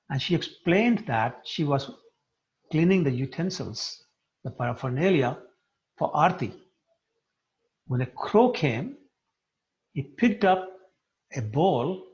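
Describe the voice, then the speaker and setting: A man's voice: fairly high pitch, a little mellow. A man giving a storytelling religious talk, acting out the characters' dialogue. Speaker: devotional speaker. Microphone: video call. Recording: dull lo-fi call audio.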